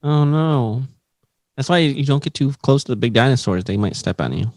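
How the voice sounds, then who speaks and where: A man's voice: mid-range voice, lively intonation, darkish tone, no room sound, studio quality. A man co-hosting a comedy podcast, laughing often and riffing on crude jokes. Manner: laughs a lot, drawn-out slow delivery. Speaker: podcast co-host.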